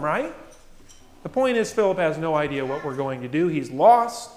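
A man with a fairly high voice delivers a sermon to his congregation, talking in a relaxed, conversational way and peppering his points with rhetorical questions. His voice rings through a large room with a long reverb tail, heard in a church hall. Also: moderate pace. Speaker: pastor.

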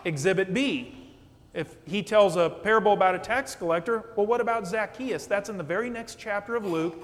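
A man preaching a sermon as pastor, animated and conversational, often checking in with "okay?". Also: high voice, brisk. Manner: animated preaching, acts out quotes, asks "okay?". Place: church sanctuary. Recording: long church reverb.

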